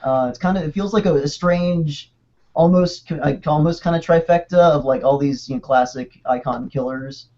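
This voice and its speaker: A man casually chatting on a podcast, excitable and rambling, with quick restarts. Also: fairly high pitch. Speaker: podcast co-host. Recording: dull lo-fi podcast audio.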